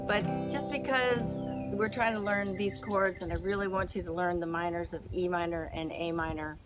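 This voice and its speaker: A woman's voice: fairly low pitch, fairly even intonation, moderate pace. A woman giving a casual guitar lesson, explaining chords in a chatty, rambling way with plenty of fillers. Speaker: guitar teacher and singer. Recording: guitar playing behind her.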